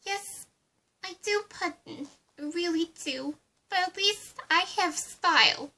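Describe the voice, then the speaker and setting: A woman voicing a giddy, crazy young female villain clown with a high, squeaky voice, calling others "Puddin'". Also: slow pace, pushed and bright, heavily acted. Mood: chatty. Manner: bubbly, calls others "Puddin'". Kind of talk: fan voice acting.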